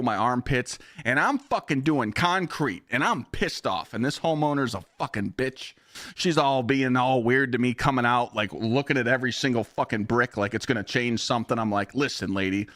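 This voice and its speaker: A young man streaming games, telling stories to his chat in a blunt, profane, animated way. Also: mid-range voice, no room sound, clean studio sound. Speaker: game streamer. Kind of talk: casual live-stream storytelling.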